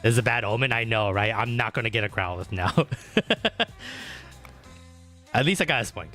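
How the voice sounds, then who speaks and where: A male streamer with a bright, sharp voice chats loosely while he plays, piling up fillers and restarts and swearing freely. Every so often he breaks into loud, excited outbursts. Faint music plays underneath. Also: lowish voice, fast talker. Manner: bursts into loud excited exclamations. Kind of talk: casual livestream chat while gaming.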